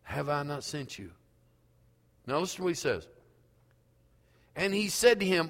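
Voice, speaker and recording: A male pastor preaching a sermon slowly and emphatically, reading scripture aloud in a church. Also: a little high, sing-song, fairly bright tone, long reverb tail.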